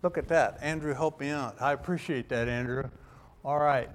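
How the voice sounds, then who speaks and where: A middle-aged man preaching a sermon as pastor, earnest and emphatic, with restarts and some throat clearing. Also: mid-range voice, moderate pace. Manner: earnest, emphatic, builds to loud stressed phrases.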